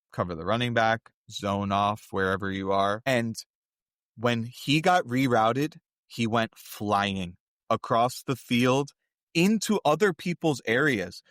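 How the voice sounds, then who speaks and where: A man's voice: fairly low pitch, a bit bright, no room sound, studio quality. A man co-hosting a podcast, in casual chat, breaking things down in long running explanations. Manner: analytical, talks in long run-on explanations. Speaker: podcast co-host.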